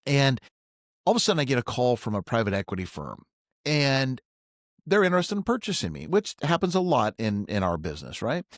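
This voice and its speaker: A man's voice: medium pitch, fairly quick, no room sound, clean studio sound. A middle-aged man and financial advisor tells a personal story in casual conversation, acting out the dialogue as he goes. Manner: animated, acts out quoted dialogue. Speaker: financial advisor, podcast guest.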